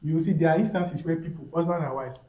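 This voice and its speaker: A man's voice: on the high side, fast talker, mellow. A man with a Nigerian accent, a guest on a casual podcast discussion, talking emphatically, repeating himself and slipping into pidgin phrases. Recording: roomy echo.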